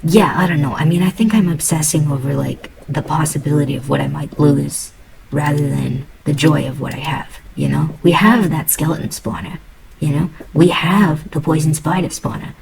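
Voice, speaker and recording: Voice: medium pitch, steady tone, moderate pace, gravelly, a crowd in the background, rough recording. A host giving casual, rambling commentary while playing a video game, musing aloud in a put-on accent. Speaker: let's play host.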